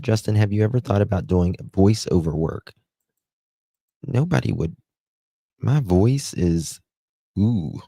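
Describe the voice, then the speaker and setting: A man from the United States with a Southern American accent, hosting a casual live stream, chatting with viewers and reading their comments aloud with plenty of "um" pauses. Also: deep voice, gravelly, dark tone, no room sound. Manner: chatty, self-deprecating, many "um" pauses. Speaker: livestream host.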